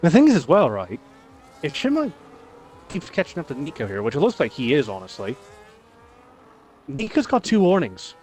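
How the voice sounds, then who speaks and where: A man's voice: on the high side, wildly swooping pitch, moderate pace, long pauses, a little mellow, slight background noise. A man co-commentating a live online racing league in a casual, analytical way and laughing easily.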